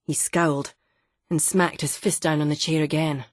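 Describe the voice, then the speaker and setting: Reading scripted narration from a novel, a woman audiobook narrator keeps a steady, measured storytelling pace in a low voice.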